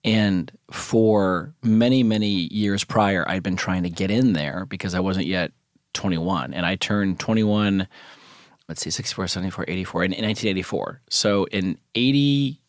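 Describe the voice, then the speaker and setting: A middle-aged man with a fairly low voice recounts a personal memory candidly and without hurry. The recording is dry and close, with no room sound. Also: no echo. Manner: candid, conversational, unhurried recollection. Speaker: podcast co-host. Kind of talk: personal storytelling.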